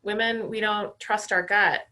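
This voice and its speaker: A woman hosts a business interview over a video call. Her voice is bright and forceful at a middle pitch, and she keeps things upbeat, affirming and full of praise. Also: steady tone, measured pace. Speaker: chamber of commerce CEO hosting.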